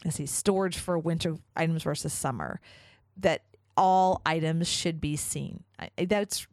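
A woman with a voice on the low side, a little mellow, hosts her own podcast in a dry recording. It's a casual solo monologue, chatty and enthusiastic, with lots of casual fillers.

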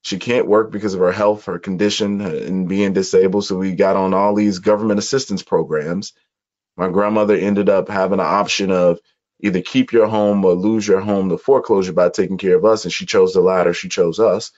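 Man from Chicago, lowish voice, earnest and reflective, guest, dull lo-fi sound. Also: steady tone, brisk, a little mellow. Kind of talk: personal storytelling in conversation. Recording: muffled, dull audio.

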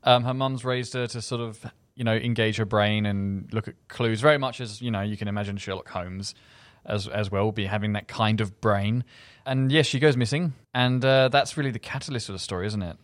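A man's voice: fairly low pitch, fairly quick, no echo. A man co-hosting a casual film review chat, giving his opinions in a conversational way.

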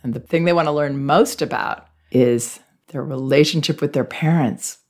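Gentle middle-aged woman talking through a parents letter, calm and thoughtful. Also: low voice, moderate pace. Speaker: parenting advice host. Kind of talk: answering a listener's letter.

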